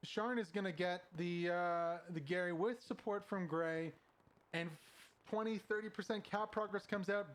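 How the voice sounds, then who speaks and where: Man shoutcasting an esports match. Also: sits high, unhurried, a little hiss or hum. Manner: excited, rising sharply at big plays. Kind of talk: esports play-by-play commentary.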